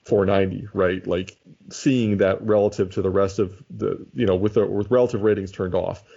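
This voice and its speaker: Gravelly low-voiced man, lo-fi. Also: steady tone, normal speed, warm tone. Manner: thinks aloud with many restarts. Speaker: podcast co-host. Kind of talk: casual chat about a baseball sim league. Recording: dull lo-fi audio.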